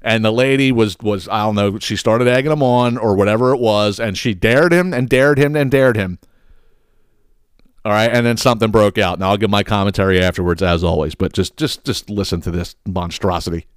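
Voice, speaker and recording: Man, podcast host, ranting commentary, sarcastic, profane, smooth resonant voice, dry close sound. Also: lowish voice, brisk, no room sound. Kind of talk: ranting commentary on viral clips.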